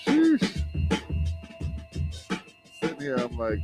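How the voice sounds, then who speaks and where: A male host leading a relaxed, slangy conversation with a guest. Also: medium pitch, normal speed, pauses often, faint music behind. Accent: Canadian English. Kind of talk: casual interview hosting.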